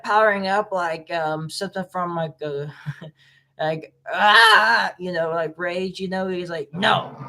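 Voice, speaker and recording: A woman's voice: medium pitch, a bit bright, slight background noise. A woman giving casual reaction commentary on a video, rambling and guessing aloud with many fillers.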